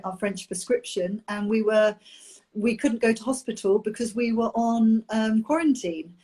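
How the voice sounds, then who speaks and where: A young adult woman, a nanny, talking candidly about a personal experience with many pauses and restarts over a video call. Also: medium pitch, a little mellow. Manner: open, halting, with many ums and restarts. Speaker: nanny sharing her IVF experience.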